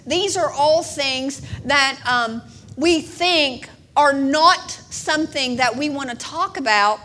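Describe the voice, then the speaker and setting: A middle-aged woman preaching a sermon, emotional and building to emphatic, drawn-out declarations. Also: high-pitched, a bit bright, slight background noise.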